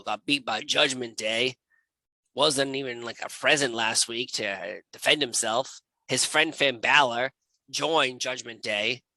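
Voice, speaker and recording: Talking close to the mic, a man hosts a casual comedic wrestling reaction show, full of jokes, animation, and frequent laughter. His voice is mid-range, and the low-quality recording has no echo.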